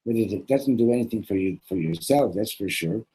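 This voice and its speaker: A man teaching as a rabbi in a relaxed, conversational sermon. His voice is mellow and slightly husky, and he restarts and repeats words as he builds toward a joke. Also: fairly low pitch, fairly quick, low-quality recording.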